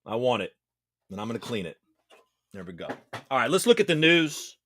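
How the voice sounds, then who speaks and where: A man hosting a casual livestream, reading out viewer comments and chatting loosely with shout-outs. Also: medium pitch, very animated, fairly quick, no echo. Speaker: livestream host. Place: home basement.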